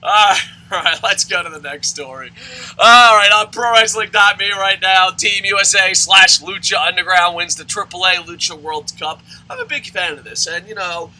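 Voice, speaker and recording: Male host, profane ranting commentary, bright and cutting tone, yells often. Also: high-pitched, normal speed, rough recording. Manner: shouting, swearing constantly, loud outbursts. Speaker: wrestling news host.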